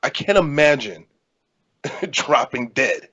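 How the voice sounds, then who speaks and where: A man's voice: a little high, lively intonation, slow pace, a bit bright. Candid man in his thirties, lo-fi. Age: 30s. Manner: candid, rambling storytelling. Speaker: podcast co-host, indie wrestler. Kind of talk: casual podcast chat.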